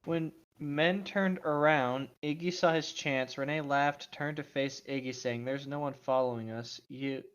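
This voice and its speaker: Comedy co-host reading aloud, mid pitch, muffled lo-fi recording. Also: steady tone, a little slow, few pauses, slight background noise. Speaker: podcast co-host. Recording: dull lo-fi sound.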